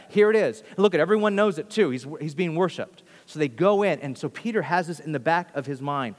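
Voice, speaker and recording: A man preaching a sermon, telling the story with animated quoted voices and swinging from loud to hushed. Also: on the high side, a little fast, few pauses, big-room sound.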